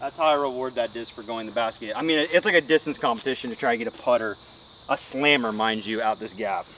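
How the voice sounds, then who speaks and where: A man's voice: mid-range voice, fast, sharp tone, a little hiss or hum, low-quality recording. A man talking casually as he plays a disc golf course outdoors, chatty, upbeat and self-deprecating, explaining each shot. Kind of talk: casual play-by-play commentary while playing.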